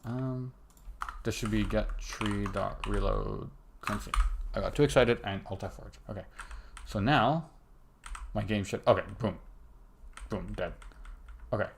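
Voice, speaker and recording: In a lowish voice with vocal fry, a young developer streaming his game work mutters casual coding commentary, frequently interrupting himself. He speaks unhurriedly with long pauses, over keyboard typing and mouse clicks, and a little hiss or hum is audible.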